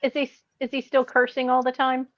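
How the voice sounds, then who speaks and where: A woman's voice: high voice, completely flat delivery, brisk, no room sound, dull audio. A woman in casual podcast chat, asking curious questions.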